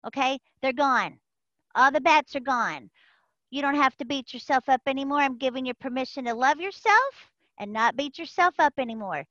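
High-voiced woman sharing on call. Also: animated, normal speed, fairly bright tone, no echo. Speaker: member sharing at a support group. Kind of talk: personal testimony share on a group call. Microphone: online group call. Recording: dull lo-fi call audio.

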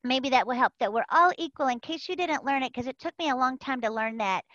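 A woman giving an animated, folksy personal testimony to a support group over an online call, repeating phrases for emphasis. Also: high voice, quick pace, dry recording. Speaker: member sharing at a support group. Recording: dull lo-fi call audio.

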